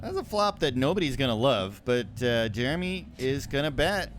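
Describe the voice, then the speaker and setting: A man's voice: mid-range voice, very animated, moderate pace, slight background noise. A man giving live poker play-by-play, joking and laughing easily with his co-host. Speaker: poker commentator.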